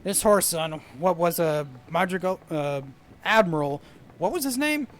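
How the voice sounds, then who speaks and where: A man's voice: high voice, animated, moderate pace. Rowdy drunken sailor, rambling braggart in old sea talk, read by a man doing the voice, game dialogue. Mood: boisterous. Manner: rough sailor dialect, rambling and boisterous.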